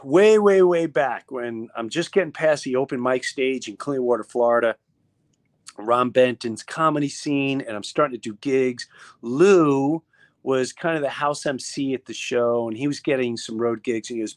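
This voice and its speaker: A middle-aged comedian telling a story in a casual, animated way, acting out what others said. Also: male voice, mid-range voice, normal speed. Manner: animated, acts out quoted voices, many restarts. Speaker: comedian guest.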